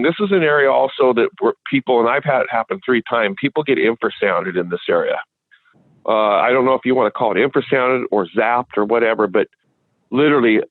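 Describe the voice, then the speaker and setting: A man from Washington State tells his stories as an interview guest, rambling and halting, often restarting his sentences. He comes through a thin, tinny phone line with a dry sound and no room around him. His pitch sits in a middle range. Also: dry recording. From Washington State, USA. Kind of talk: casual storytelling interview.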